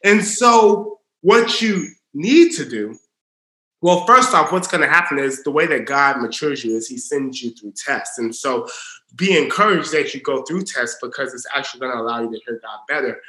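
A man preaching in an earnest sermon style, dropping to a hush for emphasis. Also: medium pitch, lively intonation, moderate pace. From Southern US. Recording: roomy echo.

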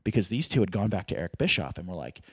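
Middle-aged male guest, lively storyteller with a very dynamic voice, self-deprecating, slips into voices, dry close sound. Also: low voice, fast, breathy edge, dry recording. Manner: animated, acts out voices while telling stories. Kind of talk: casual storytelling.

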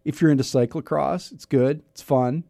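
A man's voice: fairly high pitch, steady tone, moderate pace, gravelly, mellow, no room sound, clean studio sound. A middle-aged man hosting a radio talk show, chatty and self-mocking, rambling with restarts. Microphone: studio mic.

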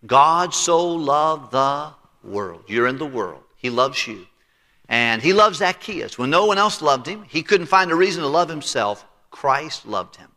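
Preaching pastor with a bright voice. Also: male voice, on the high side, big pitch swings, normal speed. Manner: preaching with voiced characters and congregational read-alongs. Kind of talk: sermon. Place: church sanctuary. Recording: reverberant church sanctuary.

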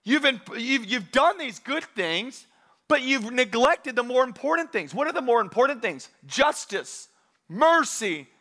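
A pastor with a high, bright voice preaches a sermon to his congregation in a casual, conversational style. He leans heavily on the scripture he quotes, keeping a clear, forward tone. He's very animated but talks a little slowly.

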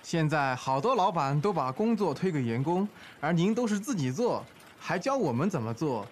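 An eager, flattering office employee, acted by a man in a scripted language-lesson skit. He speaks earnestly in a slightly high, very lively voice, with faint hiss in the background. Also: moderate pace. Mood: admiring. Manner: earnest, admiring praise.

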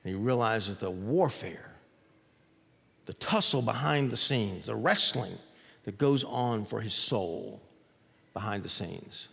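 Slow, fairly low, creaky, and slightly rough, a man's voice fills a church hall with long reverb. He's preaching a sermon as pastor, telling stories vividly and acting out their voices.

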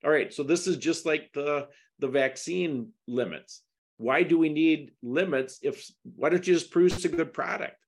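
A man's voice: a little high, normal speed, husky. A middle-aged man talking through a legal case in a casual interview, emphatic and turning to indignant questions. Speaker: podcast guest discussing a lawsuit.

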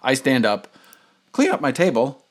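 A man's voice: medium pitch, moderate pace. Rambling man telling a story. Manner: rambling, many fillers, animated retelling. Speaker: podcast host. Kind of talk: casual storytelling.

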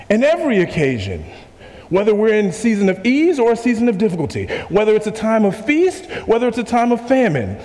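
A man's voice: high voice, darkish tone, in a large hall. A pastor preaching a sermon to his congregation, emphatic, repeating key questions and asking the room to respond.

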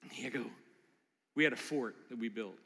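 A middle-aged man preaching as a pastor, telling personal stories in an animated way and acting out the voices in his anecdotes. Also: medium pitch, moderate pace, husky. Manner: animated, acts out quotes in character voices. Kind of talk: sermon with personal storytelling. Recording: long reverb of a large hall.

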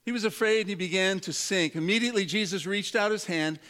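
A male pastor preaches fast in a high-pitched voice that is bright and forceful. He addresses the congregation in a joking, conversational way, acting out the voices of people from his story.

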